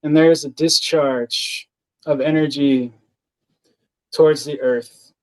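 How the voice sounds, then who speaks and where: A man speaking slowly and earnestly, his voice sitting a little high for a man. He tells a personal story as a podcast guest, halting often, restarting his sentences and filling gaps with words like "like". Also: steady tone, a little mellow, poor audio. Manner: slow, halting, earnest, with many fillers and restarts.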